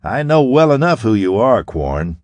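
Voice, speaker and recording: A man playing a calm, brilliant young space hero in a pulp audiobook, speaking with cool assurance. The voice is deep with a lively lift. It is recorded close and dry. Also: moderate pace, no room sound. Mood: contemptuous.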